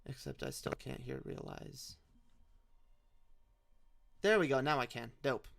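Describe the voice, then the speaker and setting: A man's voice: medium pitch, steady tone, a little slow, vocal fry, fairly bright tone, dry recording. A young man hosting a live stream with call-ins, chatting casually with loose slang, swearing and many restarts.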